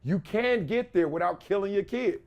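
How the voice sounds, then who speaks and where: A male podcast host with a high voice that swoops up and down as he talks. He laughs often and drops briefly into quick voices of other people, riffing in a loose, casual way. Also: expressive, vocal fry, lo-fi sound. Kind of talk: casual commentary talk.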